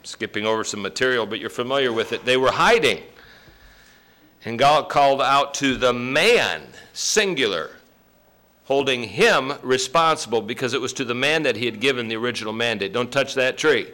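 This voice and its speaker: Lively man preaching. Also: medium pitch, normal speed. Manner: folksy, joking asides with sudden loud emphasis. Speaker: pastor. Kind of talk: sermon.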